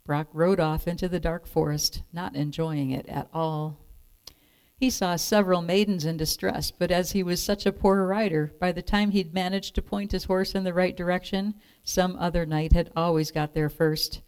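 A woman reading a children's storybook aloud in a clear, expressive way. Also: lowish voice, normal speed.

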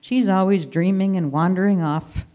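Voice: medium pitch, normal speed, dark tone, lightly acted. A storyteller voicing a sulky, jealous sheep who moans and complains. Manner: whiny complaining.

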